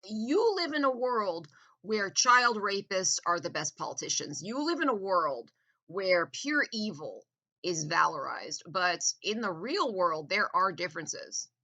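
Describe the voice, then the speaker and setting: A woman's voice: medium pitch, sing-song, unhurried, sharp tone. A woman delivering a rambling, contemptuous monologue to camera, repeating herself and trailing off mid-thought. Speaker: vlogger. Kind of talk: ranting monologue.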